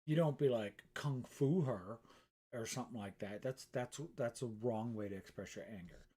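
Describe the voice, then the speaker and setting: A man's voice: mid-range voice, normal speed, warm tone, breathy edge. A middle-aged man, a painter, chatting casually on a live stream from his art studio, rambling and self-mocking and swearing freely.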